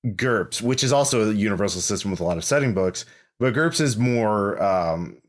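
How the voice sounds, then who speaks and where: Man, game master, podcast chat, easygoing, thoughtful, low voice. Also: animated, normal speed. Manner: easygoing, thoughtful, lots of fillers. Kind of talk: casual chat about tabletop games.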